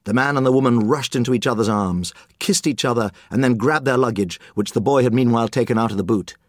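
A man reading a children's story aloud as an audiobook narrator, with lively, expressive storytelling. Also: mid-range voice, fast, no room sound, studio quality.

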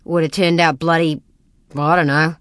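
A woman reading an audiobook voices a bitter young woman who talks low, slow and spiteful. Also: level tone, dry recording, studio quality, natural voice.

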